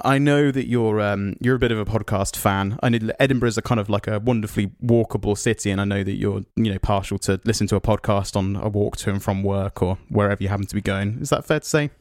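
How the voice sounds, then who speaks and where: Halting, friendly male podcast host. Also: on the low side, dry recording, clean studio sound. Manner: friendly, halting, repeats words. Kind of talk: casual podcast chat.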